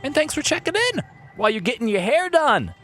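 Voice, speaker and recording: A man's voice: very high voice, a little fast. A young adult man streaming a game, chatting playfully with viewers and joking as he plays. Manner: playful, animated, jokes with chat. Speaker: let's play streamer. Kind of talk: live-streamed gameplay commentary.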